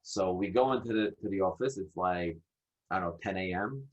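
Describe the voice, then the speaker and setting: A man, a podcast guest telling stories in an animated way, acting out dialogue and often restarting his sentences. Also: low voice, a little fast. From United States. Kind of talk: casual storytelling. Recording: dull lo-fi audio.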